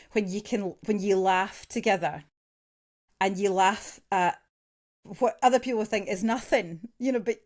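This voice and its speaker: A woman's voice: mid-range voice, darkish tone. A woman co-hosting a podcast, speaking reflectively in casual conversation. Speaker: podcast co-host.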